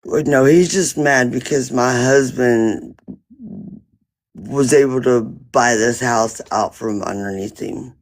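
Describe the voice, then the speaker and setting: A man's voice: mid-range voice, takes it slowly. A man on a phone live stream, rambling through an indignant, profane story about a neighbor in casual chat. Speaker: livestreamer.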